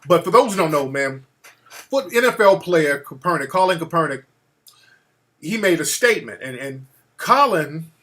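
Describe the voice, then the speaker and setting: Bright-voiced New radio host, casual and profane. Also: male voice, a little high, very animated, moderate pace. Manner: profane, loose and conversational. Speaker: radio talk show host. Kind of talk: casual call-in talk.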